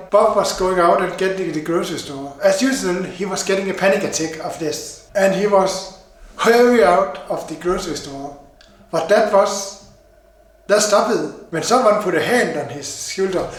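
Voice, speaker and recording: A man narrates a simple story and often stops to correct his own words. His voice is high. The recording has a roomy echo. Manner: halting, with self-corrections. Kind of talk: reading a self-help story.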